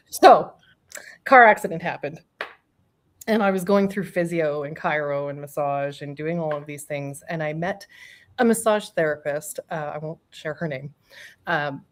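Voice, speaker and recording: A middle-aged woman, a medium and guest, telling a personal story in a casual interview. She laughs often, swears offhandedly and acts out quotes. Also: sits low.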